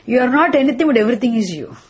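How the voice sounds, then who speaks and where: A woman's voice: fairly high pitch, animated, very fast, slightly rough. A woman teaching a scripture class, asking questions and answering them herself, repeating the key phrases. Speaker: Vedanta teacher.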